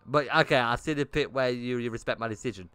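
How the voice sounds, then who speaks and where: Clean, echo-free audio captures a young man's fast, mid-range voice with a fairly bright tone. He's livestreaming a game, firing off blunt remarks to his chat in bursts and cursing frequently.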